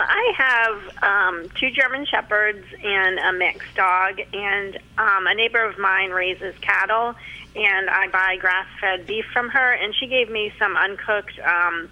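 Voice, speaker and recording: A woman's voice: medium pitch, unhurried, lo-fi sound. A woman calling into a radio show, hesitant and full of ums. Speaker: caller.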